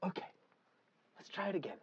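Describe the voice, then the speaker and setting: A woman's voice: a little fast, dry recording, lo-fi sound, lightly acted. A woman directing a recording session, exasperated and correcting the singer again and again.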